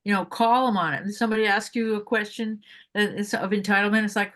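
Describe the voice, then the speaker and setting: A woman on a panel agreeing warmly with others and trading snappy comebacks. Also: mid-range voice, fairly even intonation, fast. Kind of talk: casual panel discussion.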